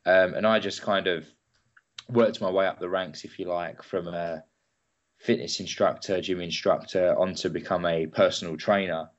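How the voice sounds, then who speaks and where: A man in his thirties who works as a personal trainer answers interview questions in a relaxed, hesitant manner, filling pauses with lots of ums. His voice sits low and moves at a moderate pace, and the recording has a lo-fi quality.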